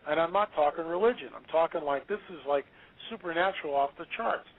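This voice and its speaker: A male author talking as an interview guest, emphatic and preachy, quick to exclaim. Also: on the high side. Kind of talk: animated interview talk. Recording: tinny phone-line audio.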